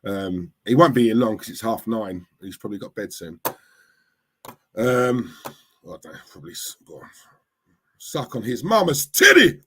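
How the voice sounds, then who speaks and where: A man's voice: on the low side, moderate pace, pauses often, slight background noise. A man chatting live with his viewers, teasing and talking straight to the chat. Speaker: livestream host. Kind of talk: casual live-stream chat.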